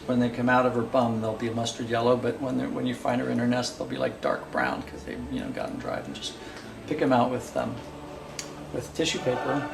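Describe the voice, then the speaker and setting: A man's voice: medium pitch, creaky, reverberant, low-quality recording. A man casually explaining how to bottle-feed a baby squirrel, rambling with fillers and restarts. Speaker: pet squirrel caretaker.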